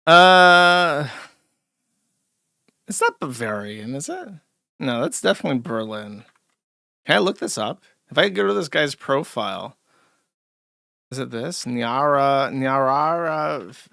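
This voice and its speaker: A man's voice: on the high side, creaky, sharp tone, no echo, clean studio sound. A male host giving a rambling, sarcastic livestream commentary with frequent restarts.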